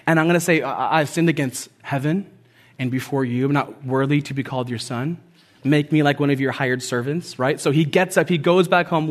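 Male pastor preaching, slightly higher voice, animated storyteller who drops quiet on key lines. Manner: animated storytelling, acting out quoted lines with rising pitch. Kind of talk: sermon.

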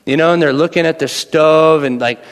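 This thirties-aged pastor preaches conversationally, echoing his own phrases and voicing the people he quotes. He speaks at a normal speed in a slightly high voice, and the church recording carries a long hall reverb.

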